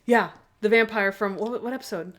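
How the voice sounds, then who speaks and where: A woman's voice: mid-range voice, brisk. A woman co-hosting a casual podcast, eagerly retelling TV episodes and acting out the characters' lines. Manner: animated storyteller, acting out quoted lines with laughs. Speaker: podcast co-host. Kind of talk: casual chat, retelling TV scenes.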